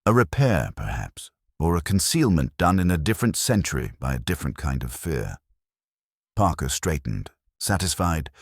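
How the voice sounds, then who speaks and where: Very deep husky male narrator. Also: sing-song, no room sound, studio quality. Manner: atmospheric, measured storytelling. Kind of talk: scripted audiobook narration.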